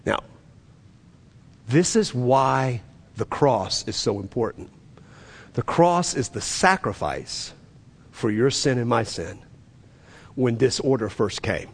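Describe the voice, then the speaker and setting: A male pastor preaching a sermon, emphatic, swinging from urgent high peaks to low, quiet asides. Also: animated, slow, pauses often, husky. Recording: long reverb of a large hall.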